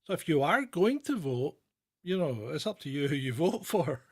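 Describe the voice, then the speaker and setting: A man hosting a live political talk show in a casual, joking way. He talks with many "um"s and restarts, and his voice sits a little high. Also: big pitch swings, normal speed. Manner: chatty, joking, with frequent fillers and restarts.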